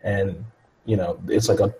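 A man rambles through a story conversationally at a moderate pace, peppering it with "like" and "you know" and performing the voices of people he quotes. His voice is somewhat low, mellow and easygoing. The recording is rough.

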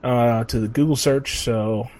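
A man's voice: medium pitch, steady tone, unhurried, darkish tone. A man co-hosting a podcast, chatting casually in a rambling, profane way with lots of fillers. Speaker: podcast co-host. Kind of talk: casual chat.

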